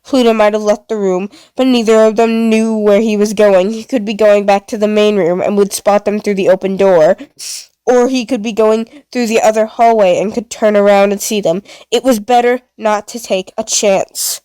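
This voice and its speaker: A woman's voice: medium pitch, steady tone, moderate pace, warm tone, smooth, dry recording. Woman reading a story aloud. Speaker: narrator.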